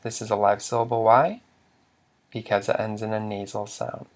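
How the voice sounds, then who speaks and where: A man's voice: on the low side, flat delivery, normal speed. A man teaching a language lesson, explaining rules patiently step by step with some fillers.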